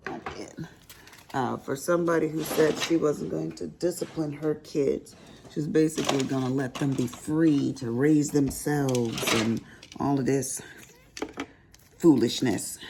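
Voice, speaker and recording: A woman's voice: a bass voice, vocal fry, dark tone, a little hiss or hum. An older grandmother chatting casually to her viewers as she crafts, rambling and laughing at her own asides. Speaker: crafting vlogger. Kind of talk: casual chat while crafting.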